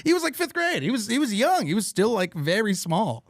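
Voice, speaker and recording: A man's voice: high-pitched, big pitch swings, brisk, dry recording. Podcast host guy, swears a lot, laughs easy, dry mic. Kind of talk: casual chat.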